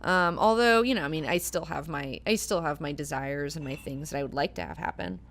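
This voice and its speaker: Woman with a lowish voice running a book club, super casual, lots of "like" and "you know", swears a lot. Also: fairly quick, fairly bright tone. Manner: chatty, filler-heavy, swears freely.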